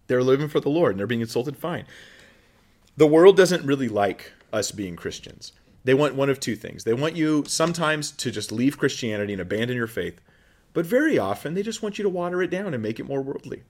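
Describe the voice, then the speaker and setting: Guy preaching, chatty sermon, mid pitch, acts out little voices now and then. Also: brisk. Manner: conversational, animated, acts out quoted voices. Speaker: pastor.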